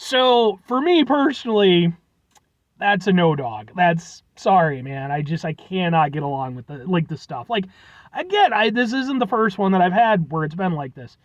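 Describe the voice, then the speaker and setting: A man with a high, bouncy voice that swoops all over as he rambles through a casual review, full of fillers and self-deprecating asides. The sound is dry and close, with a dull, muffled edge. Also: lively intonation, moderate pace, no room sound. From United States. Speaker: food reviewer. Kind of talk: casual chat.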